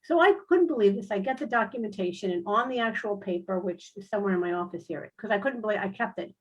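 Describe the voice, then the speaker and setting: A woman, a guest and animal rescuer, telling a comic story on a video call in an animated, lively way, with big jumps in pitch. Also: quick pace, breathy edge, highs cut off. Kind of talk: casual storytelling on a talk show.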